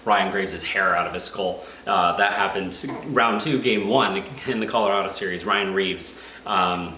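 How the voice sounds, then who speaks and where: A man reviewing and reacting live to a hockey game, excitable and exasperated, rambling with restarts. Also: low voice, measured pace. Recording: echoey room, faint background noise.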